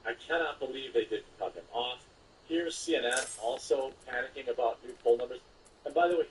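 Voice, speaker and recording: Man doing fast opinionated political commentary. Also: mid-range voice, far from the mic, a little hiss or hum, low-quality recording. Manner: brisk, opinionated, asides to viewers.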